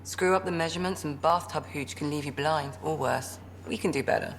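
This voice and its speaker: A dry, gravelly-voiced ship doctor. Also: female voice, sits low, fairly quick, slight background noise. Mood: wry. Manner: dry, teasing and self-deprecating.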